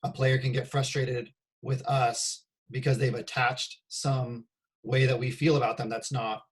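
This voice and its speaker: A man, a volleyball coach, interviewing a former player in a measured, reflective way, with some "um" and "you know". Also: medium pitch, flat delivery. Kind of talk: casual interview talk.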